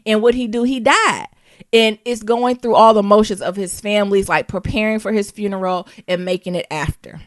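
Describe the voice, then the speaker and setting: American woman co-hosting a podcast, slangy and animated, dry close sound, laughs a lot. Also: mid-range voice, normal speed, dry recording. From United States. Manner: animated, slangy, laughs often, spells words out. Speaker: podcast co-host. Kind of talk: casual chat.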